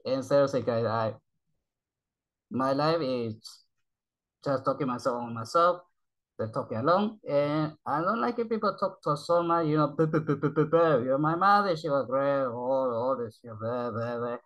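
A man's voice: mid-range voice, lively intonation, a bit bright, rough recording. Rambling Japanese-accented man reacting. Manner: rambling, halting broken English, profane, repeats words. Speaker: YouTube reactor. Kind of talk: casual reaction commentary.

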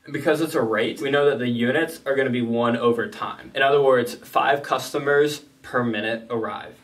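A man's voice: mid-range voice, steady tone, normal speed, a bit bright. Man explaining statistics, slightly distant mic. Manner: plain, methodical explaining with casual asides. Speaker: statistics teacher. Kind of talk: explanatory lesson.

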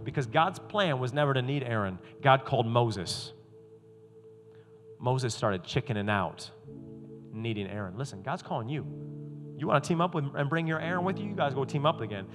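A man preaching an energetic youth sermon, acting out quotes with stammers and sudden loud bursts. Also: medium pitch, normal speed. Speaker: youth pastor. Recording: live in a hall with music playing behind.

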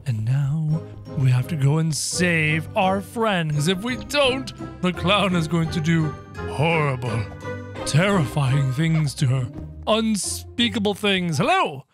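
With a medium-pitched voice, this let's-play narrator stays in character, full of playful excitement and sudden bursts of yelping and laughing.

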